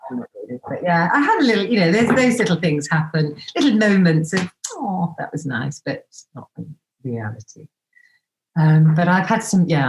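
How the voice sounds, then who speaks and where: A woman telling dating stories as a podcast guest, animated and theatrical, acting out the dialogue. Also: on the low side. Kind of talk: anecdotal storytelling. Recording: roomy echo.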